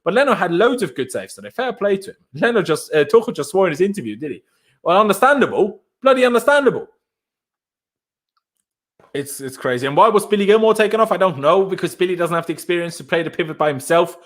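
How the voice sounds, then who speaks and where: Ranting young man, high lively voice. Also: quick pace. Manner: exasperated, ranting, repeats himself, banters with chat. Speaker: fan channel host reacting to chat. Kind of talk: post-match live stream reaction.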